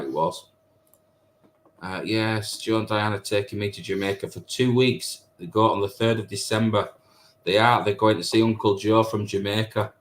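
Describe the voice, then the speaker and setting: A man in his thirties chats casually on his live stream, reading out comments and joking at his viewers' expense. His voice is on the low side with a fairly bright tone.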